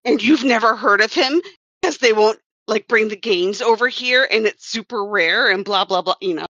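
A woman's voice: a little high, moderate pace, pushed and bright, no room sound, highs cut off. A woman who worked as a comics writer and colorist, chatting casually on a podcast and rambling with wry self-corrections.

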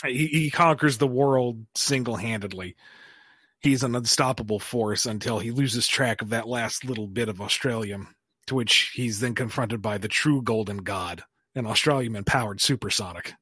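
A man's voice: medium pitch, moderate pace, fairly bright tone, breathy edge, dry recording, clean studio sound. A man co-hosting a casual podcast, answering listener questions by playfully riffing out silly scenarios.

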